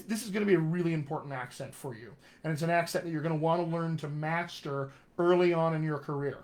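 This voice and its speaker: A man coaching actors lesson, upbeat and encouraging, talking straight to his viewers as friends. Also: fairly high pitch. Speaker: dialect coach. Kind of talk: live-streamed accent lesson.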